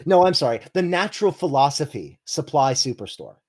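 A man narrates a tabletop game as its game master, playful and quick to joke. His husky voice sits a bit high and swings widely in pitch. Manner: playful, animated.

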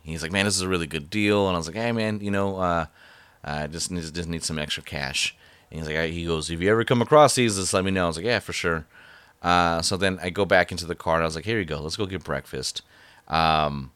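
Low-voiced man rambling through a story. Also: a bit bright, smooth, no echo. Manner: rambling, halting, many fillers and restarts. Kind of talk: casual personal storytelling.

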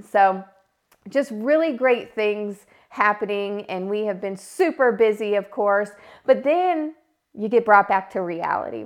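A woman, hosting a casual podcast and telling family stories with lively, animated delivery. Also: mid-range voice. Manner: animated storytelling, acts out quotes loudly. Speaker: podcast host. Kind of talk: casual solo podcast talk.

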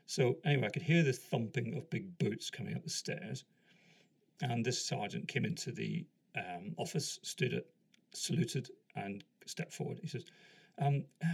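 A man's voice: mid-range voice, normal speed, gravelly, husky. A man hosting a podcast, telling a long personal story in a rambling, self-deprecating way and acting out the other people in it. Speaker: podcast host. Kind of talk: casual storytelling monologue.

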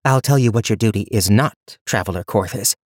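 A man's voice: lowish voice, brisk, dry recording, clean studio sound, natural voice. A man reading a story, voicing a young queen who gives cool, poised commands. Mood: commanding.

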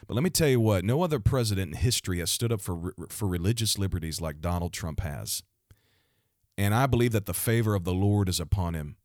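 A man delivering fervent, preachy commentary, repeating himself and building to loud outbursts. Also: fairly low pitch, dry recording, clean studio sound. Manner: fervent, repetitive, with restarts and rising outbursts. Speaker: Christian commentator.

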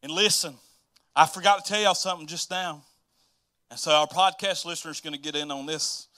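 A man's voice: a little high, steady tone, a little fast, pushed and bright. A middle-aged male pastor preaching a casual, chatty sermon and repeating phrases for emphasis.

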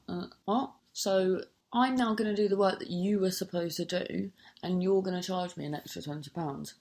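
A woman's voice: mid-range voice, lively intonation, normal speed, a little mellow. A woman telling a story in casual chat, exasperated and swearing freely, often cutting herself off mid-sentence.

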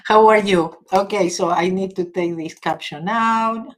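Argentinian woman, unhurried livestream chat. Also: mid-range voice. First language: Spanish. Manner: laughs often, chatty, earnest and encouraging. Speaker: livestream host. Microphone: device camera or phone.

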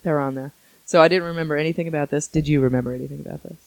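A woman's voice: low-pitched, steady tone, rapid-fire, vocal fry, no room sound. Chatty, giggly woman podcaster. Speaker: podcast co-host. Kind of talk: casual chat.

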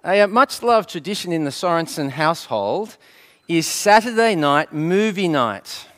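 Lively middle-aged male preacher. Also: on the high side, normal speed. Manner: asks rhetorical questions and answers them; light storytelling with gentle humour. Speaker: pastor. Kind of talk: sermon.

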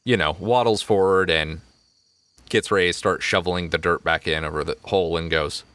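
A man narrating a tabletop game as game master, chatty and quick to laugh. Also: low-pitched, fairly even intonation, a bit bright, dry recording.

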